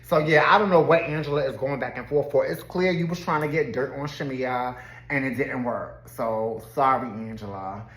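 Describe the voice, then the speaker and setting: With an extremely low voice at a moderate pace, a woman chats her way through a gossipy reality TV recap, laughing a lot and often putting on quoted voices. The room carries a noticeable echo.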